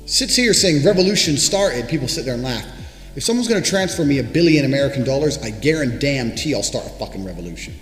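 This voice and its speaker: A man's voice: medium pitch, big pitch swings, fairly quick. A young man giving a brash, boastful monologue to camera, swearing freely as he speaks. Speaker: motivational speaker. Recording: echoey room with long reverb, faint music.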